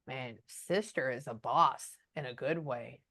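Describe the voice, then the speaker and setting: A woman with a very deep, fairly bright voice gives a casual spoken psychic-medium reading. She often pauses to think, muttering "hold on".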